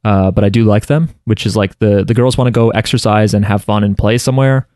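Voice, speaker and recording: A man's voice: fairly low pitch, fairly quick, darkish tone, smooth, dry recording, clean studio sound. A man co-hosting a podcast, recapping an anime in a casual, rambling way with lots of fillers and restarts. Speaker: podcast co-host.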